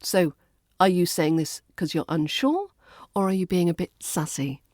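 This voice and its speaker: A woman with a British RP accent hosting an accent-training podcast, calmly narrating a scripted lesson and voicing example phrases with clear intonation. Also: lowish voice, normal speed, dry recording, clean studio sound.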